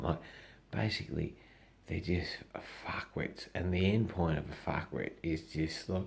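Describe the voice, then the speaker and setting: A man's voice: deep voice, steady tone, moderate pace, darkish tone. A man with an Australian accent talking casually to camera in a blunt, profane way, acting out the voices of people he quotes. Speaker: social media personality.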